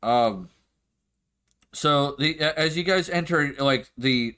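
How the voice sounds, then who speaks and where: A man's voice: mid-range voice, unhurried, pushed and bright, clear, resonant tone. A man narrating a tabletop game as game master in a loose, descriptive way, with lots of "like" and "uh".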